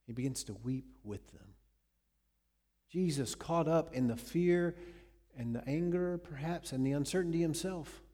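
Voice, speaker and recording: A man preaching a sermon, retelling scenes dramatically with sudden swings between loud and hushed delivery. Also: fairly high pitch, unhurried, long reverb tail. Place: church.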